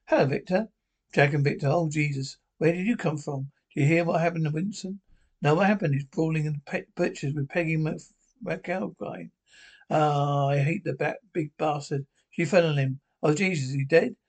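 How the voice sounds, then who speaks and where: Casting: a crude, bickering old pensioner, slightly high voice. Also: male voice, normal speed. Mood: banter. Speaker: sitcom pensioner. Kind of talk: broadcast sitcom acting.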